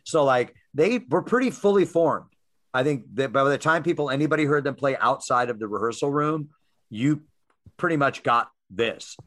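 A man chatting as a podcast co-host, telling stories in an easy, talkative way. His pitch is ordinary and the sound is dry and close, with no room. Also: moderate pace, a bit bright, no room sound. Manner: chatty, storytelling. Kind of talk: casual chat.

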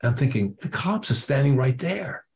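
A man's voice: mid-range voice, big pitch swings, normal speed, a little mellow. An older man, a drummer being interviewed, telling a story with lots of acted-out quotes and casual swearing. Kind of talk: animated anecdote telling.

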